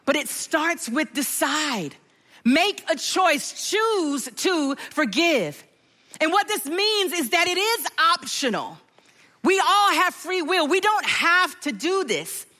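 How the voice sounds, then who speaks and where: A middle-aged woman giving a sermon, telling a personal story in an animated way and acting out the other people's voices. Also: very high-pitched, measured pace. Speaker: preacher.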